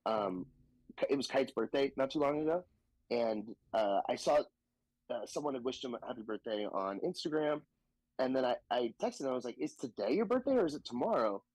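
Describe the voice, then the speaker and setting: A man from the Southern United States, a stand-up comedian telling stories in a casual podcast chat, animated and profane, slipping into quoted voices. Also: medium pitch, normal speed, dry recording, rough recording.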